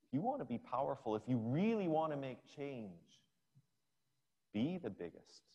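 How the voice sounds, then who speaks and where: A man's voice: medium pitch, very animated, normal speed, dark tone, husky, highs cut off. A man doing a coaxing male devil tempter. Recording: long hall reverb.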